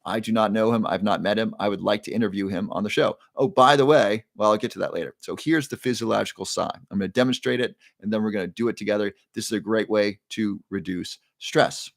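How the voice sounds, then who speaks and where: Gravelly low-voiced man hosting a live stream. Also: fast talker, few pauses, dry recording, studio quality. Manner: upbeat, audience-prompting, chatty with restarts. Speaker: host of a live online show. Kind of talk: live stream talk leading a breathing exercise.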